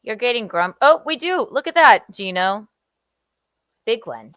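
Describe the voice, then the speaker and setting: A woman's voice: fairly high pitch, very animated, unhurried, a bit bright. A woman co-hosting a casual livestream chat, playful and teasing as she reads out the chat's donations. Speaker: co-host reading chat donations.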